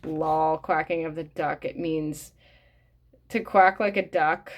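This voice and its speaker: A woman's voice: low voice, fairly even intonation, slow pace, lo-fi sound. A woman reading a book aloud and commenting bluntly and casually, swearing often with plenty of fillers. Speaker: reader and commentator.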